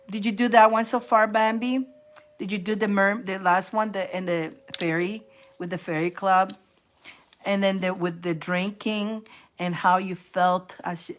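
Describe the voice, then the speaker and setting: Woman, live-stream spiritual reading, chatty, animated, repeats phrases, laughs often, mid-pitched voice. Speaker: host giving psychic readings.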